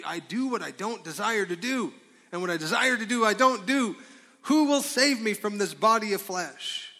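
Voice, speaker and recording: A pastor delivers his sermon, firing rhetorical questions and jumping into loud, excited bursts. His voice sits high and bright. It rings with the long reverb of a big hall.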